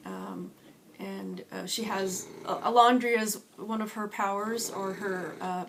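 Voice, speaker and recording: Slow, hesitant woman chatting at home. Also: medium pitch. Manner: hesitant, many ums and restarts, soft laughs. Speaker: doll collector vlogger. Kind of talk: casual chat about her doll characters. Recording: audible background noise.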